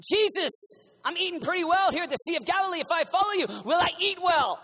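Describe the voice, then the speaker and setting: A man's voice: very high voice, animated, fast, bright, forceful tone, voice pushed up, exaggerated voice. A man voicing a young male fisherman who bargains for perks in a casual, wheedling way, as part of a sermon. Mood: eager. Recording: long reverb of a large hall.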